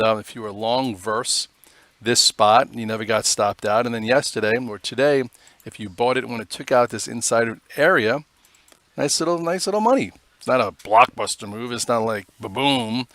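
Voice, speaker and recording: A man's voice: medium pitch, a bit bright, dry recording. Casual man talking through stock charts. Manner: casual, rambling, many "um"s. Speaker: stock trading host. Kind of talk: live market commentary.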